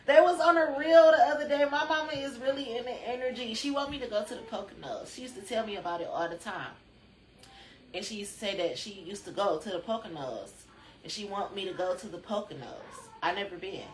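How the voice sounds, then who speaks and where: A woman's voice: mid-range voice, fairly quick, echoey room, slight background noise. A woman hosting a rambling spiritual chat, drowsy, chatty and loosely profane, talking from a room at home. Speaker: spiritual channel host.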